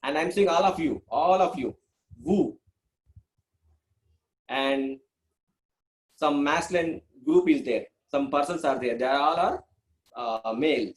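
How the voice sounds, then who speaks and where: A man with an Indian English accent, speaking a little higher than most men, teaches a beginners' class in simple sentences. He repeats words, leans on "okay" and "uh", and his pitch jumps up and down as he explains. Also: measured pace, rough recording. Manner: repeats himself, many fillers, lively pitch swings. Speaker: language teacher. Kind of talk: online lesson for beginners.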